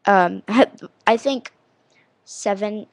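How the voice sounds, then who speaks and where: Teen girl vlogging, slow and rambly, kinda gravelly voice, laughs at herself a lot. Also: mid-range voice, no echo. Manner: giggly, rambling, self-deprecating, sounds out words. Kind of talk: casual vlog chat.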